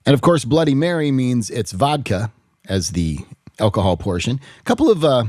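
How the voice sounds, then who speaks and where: A man's voice: medium pitch, sing-song, moderate pace, darkish tone, no echo, clean studio sound. A man co-hosting a podcast, jokey and anecdotal. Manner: jokey, anecdotal, laughs often. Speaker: podcast co-host. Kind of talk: casual podcast chat.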